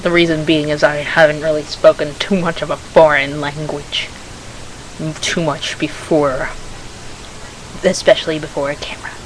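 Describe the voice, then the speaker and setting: Low-voiced chatty woman vlogging. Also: little pitch movement, moderate pace, a little hiss or hum, low-quality recording. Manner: rambling, self-correcting, chatty. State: slightly froggy throat. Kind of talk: casual chat to camera.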